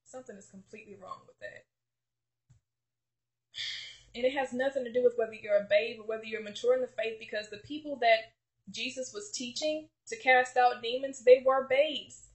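A woman with a fairly high voice pours out an emotional faith testimony to her viewers. She talks fervently, trips over her words and restarts her sentences, and keeps calling her listeners honey. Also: fairly quick. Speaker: faith vlogger.

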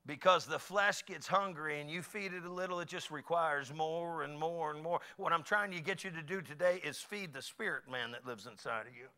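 A middle-aged man preaching a folksy sermon, swinging from quiet asides to loud exclamations. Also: fairly high pitch, normal speed, hardly any pauses. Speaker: pastor.

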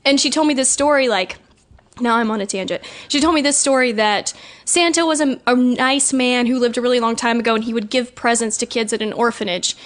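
A young woman with a high voice chats on a comedy podcast. She tells childhood stories loosely and breaks into laughter often. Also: fairly quick. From Georgia, USA. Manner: laughs often, lively storytelling. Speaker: podcast guest. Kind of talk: casual chat.

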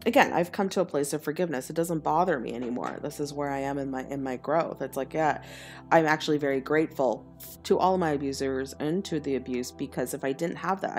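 Woman, deep for her sex, confessional spiritual storyteller, soft music bed. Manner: earnest and confessional, laughs often. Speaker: spiritual teacher. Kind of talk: personal storytelling monologue.

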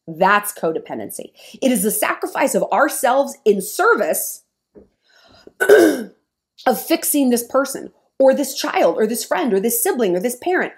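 A woman's voice: fairly high pitch, very animated, normal speed. A woman vlogger giving frank, opinionated dating advice in an emphatic talk to the camera. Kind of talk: monologue to camera.

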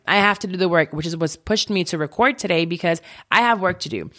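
Woman in her thirties, lowish voice, candid solo podcast host, emotional and confessional, swears freely, home office. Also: fairly quick, few pauses, fairly bright tone. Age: 30s.

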